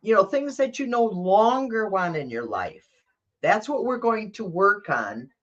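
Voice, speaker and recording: A woman's voice: mid-range voice, big pitch swings, measured pace, dull audio. A woman hosting a tarot channel, chatting casually with blunt, profane, rambling talk and coughing now and then. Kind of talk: casual livestream chat.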